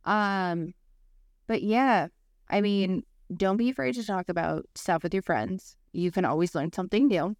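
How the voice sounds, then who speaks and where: A young woman co-hosting a casual podcast, telling a story with lively, swearing asides and acted-out quotes. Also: mid-range voice, measured pace, dry recording. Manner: lively, swears freely, acts out quoted voices. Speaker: podcast co-host.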